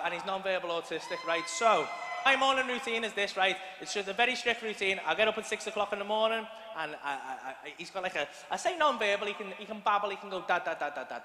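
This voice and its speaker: English male stand-up in his 30s, high voice, rambling and sweary, live arena sound with long reverb. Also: pushed and bright, slight background noise. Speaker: stand-up comedian. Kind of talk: stand-up storytelling. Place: large arena stage. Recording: echoey arena, live audience.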